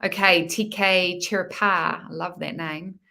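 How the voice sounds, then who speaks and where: A woman reads tarot live for her viewers, chatty and affectionate, calling them "my love" and tagging her sentences with "hey?". Her voice sits a little low but has a bright, forceful edge. It sounds like she is talking into a webcam or phone mic at her desk. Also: steady tone, unhurried, creaky. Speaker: tarot reader hosting a live stream. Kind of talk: casual live-stream tarot reading.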